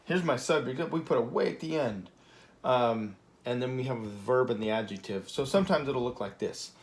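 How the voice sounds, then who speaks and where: A man teaching a casual Spanish lesson, chatty and relaxed, filling pauses with "um" and checking in with "okay?". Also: mid-range voice. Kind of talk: casual classroom lesson at a whiteboard.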